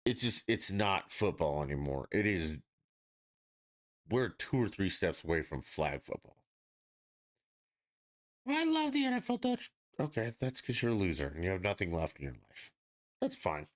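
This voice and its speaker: A man's voice: deep voice, lively intonation, normal speed. A man hosting a podcast, ranting bluntly and profanely in casual sports talk. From Denver area, United States. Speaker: podcast host.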